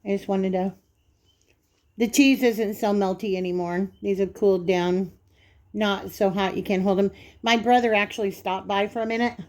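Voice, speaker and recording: A woman's voice: mid-range voice, steady tone, moderate pace, a little mellow. A woman hosting a casual home cooking vlog in her kitchen, chatting straight to viewers as she cuts food open and tastes it.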